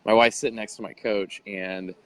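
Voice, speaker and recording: A man's voice: on the low side, fairly even intonation, normal speed, dry recording, poor audio. A man being interviewed, telling a story animatedly and acting out the voices of people he quotes. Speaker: interview guest, bodybuilder.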